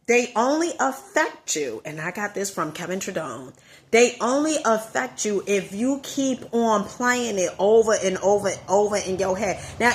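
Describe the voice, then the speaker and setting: A motivational vlogger with a Southern accent gives her viewers an emphatic pep talk, repeating key phrases for effect. Her voice is on the high side and a bit bright.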